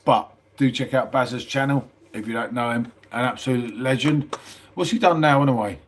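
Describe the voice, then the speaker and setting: A middle-aged man talks casually on a live stream, answering viewer comments in a relaxed, rambling way. His voice sits at an ordinary pitch and he keeps dropping in "mate". He sounds a little tired. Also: normal speed, slight background noise. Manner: chatty, says "mate" often, reads out viewer comments. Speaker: livestream host.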